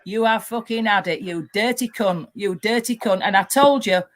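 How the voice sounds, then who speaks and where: A woman's voice: mid-range voice, moderate pace, a little hiss or hum. A woman furiously ranting and swearing as a guest on a live stream. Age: adult, married. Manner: furious, swearing heavily, loud outbursts. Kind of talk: angry rant on a live stream.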